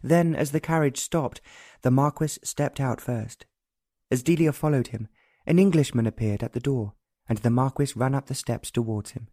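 Mellow male audiobook narrator. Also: mid-range voice, moderate pace, dry recording, studio quality. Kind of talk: scripted narration.

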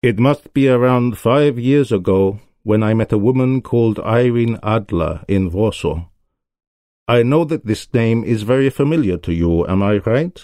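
A man's voice: medium pitch, animated, measured pace, dark tone, dry recording, clean studio sound, close to an everyday voice. A man voicing a proud, anxious middle-aged king who speaks formally and urgently, in a storybook reading. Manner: formal, urgent, flustered when exposed.

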